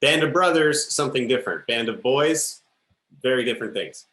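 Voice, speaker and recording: A man's voice: mid-range voice, animated, fairly quick, sharp tone, reverberant. A man playing a rambling space interviewer. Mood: awkward. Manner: rambling, tosses in "all right?" and "okay?". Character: rambling male space-station interviewer, fussy and awkward. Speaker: host of the sketch. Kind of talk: live improv comedy.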